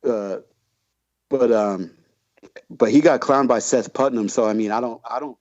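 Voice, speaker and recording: A man's voice: medium pitch, unhurried, a little mellow, highs cut off. A man chatting casually as a podcast guest, telling a rambling story full of slang, swearing and fillers.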